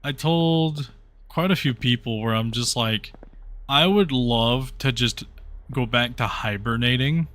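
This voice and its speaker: A young man streaming a horror game, talking in a slow, unhurried way with a voice of middling pitch. He rambles between moments of play, reads messages from chat aloud and drifts into chatty side stories. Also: fairly bright tone. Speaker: streamer playing horror games. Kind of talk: casual livestream commentary.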